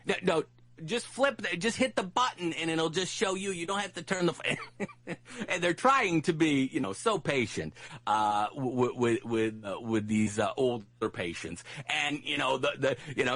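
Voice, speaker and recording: A man's voice: a little high, expressive, moderate pace, a bit bright, no room sound. Rambling male radio host, dry studio sound. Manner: rambling, lots of restarts and fillers; acts out his grandma's voice in anecdotes. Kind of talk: casual radio talk.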